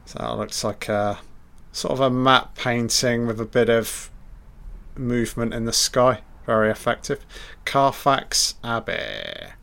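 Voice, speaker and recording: A man's voice: medium pitch, animated, unhurried, gravelly, a bit bright. A man giving a casual, profane, enthusiastic audio commentary over a film.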